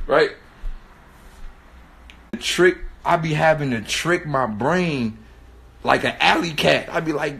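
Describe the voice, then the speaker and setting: A man's voice: sits high, normal speed, gravelly, fairly bright tone. A man in his thirties telling a story in casual street slang, laughing often and repeatedly asking "right?". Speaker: host.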